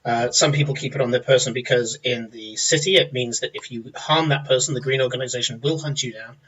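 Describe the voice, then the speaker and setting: A man's voice: mid-range voice, fairly even intonation, fairly bright tone, husky, far from the mic, muffled recording. A man narrating as game master in a tabletop game, explaining rules with many fillers and restarts. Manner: halting, filler-heavy explaining.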